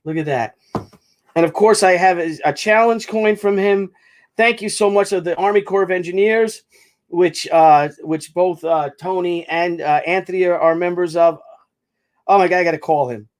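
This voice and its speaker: A man with a high-pitched voice chats to his viewers while unboxing a gift. He talks haltingly and effusively, stopping and restarting his sentences and filling gaps with "um" and "uh". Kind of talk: casual unboxing video. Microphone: camera mic.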